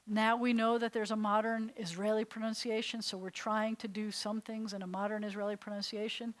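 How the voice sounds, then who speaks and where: An American woman, a rabbi, teaching a beginners' Hebrew class in a lively, chatty way. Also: a little high, poor audio. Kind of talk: classroom lesson. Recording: faint hiss.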